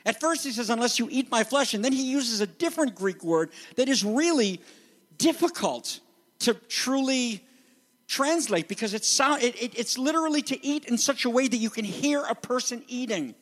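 A man's voice: very high voice, lively intonation, moderate pace, a bit bright. A pastor, a man, preaching an expository sermon with emphatic, dramatic delivery. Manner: emphatic, dramatic teaching that acts out quoted voices.

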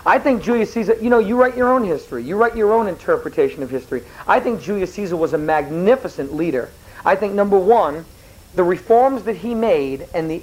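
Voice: mid-range voice, a little mellow, rough recording. A teacher giving a history lecture in a classroom, rambling and digressing, correcting themself mid-sentence and asking the students questions.

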